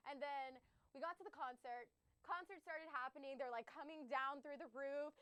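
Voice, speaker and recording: A woman's voice: high-pitched, normal speed, fairly bright tone, no echo. A woman in her twenties telling an emotional story in casual chat, full of fillers and close to tears. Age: 20s. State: tearful, overcome with emotion. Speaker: podcast co-host.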